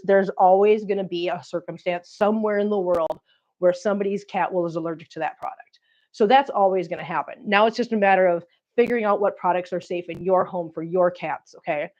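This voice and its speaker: A woman's voice: mid-range voice, darkish tone, highs cut off. A woman chatting through a live vlog while cleaning up after her cats, out of breath from the heat and cooing at them in baby talk. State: overheated and out of breath. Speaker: cat channel vlogger. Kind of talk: unscripted live-stream chat while cleaning.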